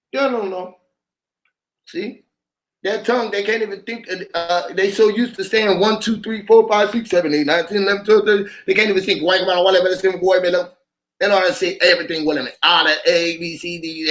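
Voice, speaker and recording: A man's voice: sits high, bright, forceful tone. A man delivering a rambling freestyle monologue, chanting and repeating words in a loose stream of wordplay. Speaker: vlogger.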